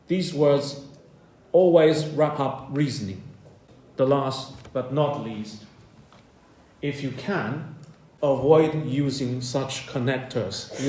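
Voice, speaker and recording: A man teaching university students a writing class, speaking in a measured way, repeating and rephrasing his points and checking in with "okay?". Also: medium pitch, darkish tone. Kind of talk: classroom lecture. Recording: echoey classroom.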